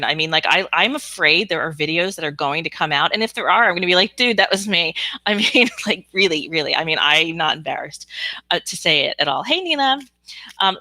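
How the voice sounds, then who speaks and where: Bright, frank woman chatting to viewers. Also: on the low side, dry recording. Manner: chatty and frank, answering viewer comments with frequent ums. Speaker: psychic reader hosting a live stream. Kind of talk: casual live stream chat with viewers.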